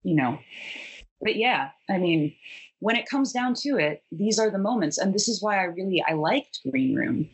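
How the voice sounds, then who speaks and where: Husky woman telling a wry profane story. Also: mid-range voice, lively intonation. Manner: profane, wry, rapid tumbling anecdote. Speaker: punk musician guest. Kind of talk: conversational storytelling.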